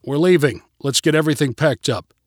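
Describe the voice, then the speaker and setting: Gruff father, curt, unfriendly, cold, a man voicing him, storybook. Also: fairly high pitch, fairly quick, no echo, clean studio sound, lightly acted.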